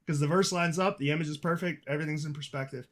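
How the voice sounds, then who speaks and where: A man's voice: a little high, fairly even intonation, fast talker, a bit bright. A man hosting a casual live stream, chatty and rambling, with frequent restarts. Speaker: host.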